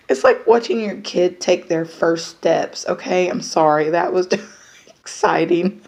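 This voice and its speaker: A woman with a lowish voice chats casually to the camera. She rambles warmly, with frequent fillers and restarts. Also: unhurried, vocal fry, dull audio. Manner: chatty, many fillers, excited baby talk to pets. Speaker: vlogger.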